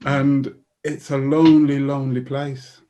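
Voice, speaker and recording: An older man from the United Kingdom, a guest author telling personal stories in conversation, lively and acting out voices. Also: mid-range voice, unhurried. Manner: animated storyteller who acts out quoted voices and laughs often. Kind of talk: storytelling in a conversation.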